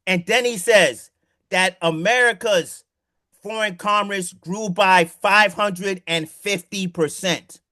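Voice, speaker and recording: Emphatic bright-voiced man commenting. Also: high voice, takes it slowly. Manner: emphatic, stammering restarts, rhetorical questions. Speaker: political commentator. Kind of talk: casual explanatory commentary.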